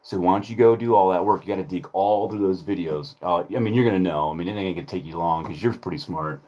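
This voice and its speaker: A man's voice: low voice, fast, dark tone, muffled recording. A man ranting casually on his channel, rambling and profane. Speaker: streamer.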